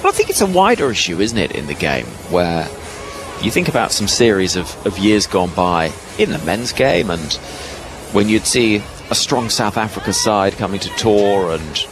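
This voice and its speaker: A man giving ball-by-ball cricket commentary from a ground's commentary box, lively and rising with each delivery. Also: on the low side, normal speed, over music. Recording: broadcast with loud ground noise behind.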